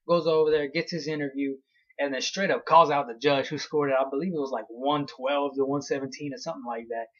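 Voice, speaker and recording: A man's voice: mid-range voice, fairly even intonation, fast, highs cut off. A young man ranting heatedly through a fight recap, blunt and profane. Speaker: vlogger.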